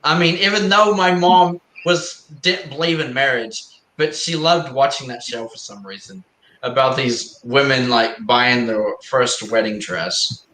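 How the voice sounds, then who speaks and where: A man's voice: medium pitch, a little slow, sharp tone. A man hosting a live stream, chatting casually and rambling with lots of fillers and easy laughs. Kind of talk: casual chat. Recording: roomy echo.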